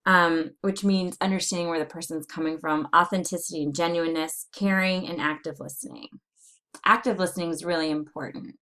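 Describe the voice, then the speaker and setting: Woman, low voice, nursing instructor, recorded lecture, reads off slides, lots of ums. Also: a bit bright. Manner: reads slide points aloud with many fillers.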